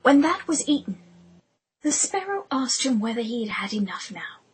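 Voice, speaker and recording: Breathy high-voiced woman whispering a story. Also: very animated, moderate pace, low-quality recording. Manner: hushed, intimate storytelling whisper. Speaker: audiobook narrator. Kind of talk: whispered narration.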